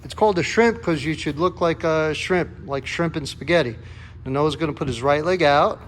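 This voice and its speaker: A man's voice: on the high side, normal speed, slight background noise. A man coaching a kids' jiu-jitsu class, calling out counts and encouraging a young helper. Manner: upbeat, encouraging, calls out counts.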